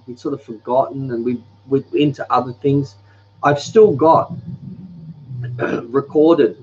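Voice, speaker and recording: A soft-spoken man, chatting casually as a host reading viewer comments on a live stream. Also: medium pitch, dull audio, slight background noise. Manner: relaxed, rambling, with pauses. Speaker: cooking channel host.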